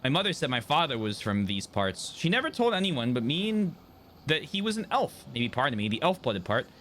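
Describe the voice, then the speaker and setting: A man's voice: medium pitch, sing-song, a little fast, a bit bright, a little hiss or hum. A man reading aloud as a homesick elf-blooded man mourning his war-torn homeland, with small stumbles. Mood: mournful. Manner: reads game dialogue aloud with small stumbles.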